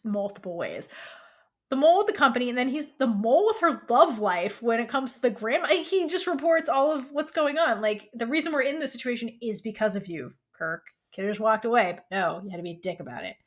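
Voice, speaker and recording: A woman co-hosting a podcast, recapping a TV episode in animated storytelling with quick asides and casual swearing. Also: fairly high pitch. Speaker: podcast co-host.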